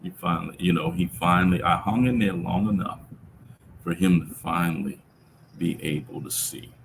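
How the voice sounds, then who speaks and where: A middle-aged man telling a personal story about his son in an interview, speaking in a reflective, halting way with many restarts. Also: low-pitched, a little hiss or hum, low-quality recording. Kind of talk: conversational storytelling.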